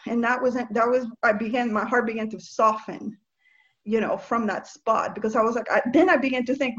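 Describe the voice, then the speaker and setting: An earnest woman from Nicaragua shares a personal testimony in a reflective, searching way, circling back and repeating words as she talks. Her voice sits a little high for a woman. The sound is dull and lo-fi. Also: moderate pace. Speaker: speaker on faith and empathy. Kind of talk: personal testimony, casual talk.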